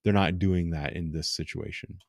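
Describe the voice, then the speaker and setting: A man in his thirties, a police officer, giving frank, exasperated commentary on a live stream with many pauses and fillers. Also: sits low, fairly even intonation, darkish tone, no echo, studio quality. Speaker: police officer reacting to bodycam footage.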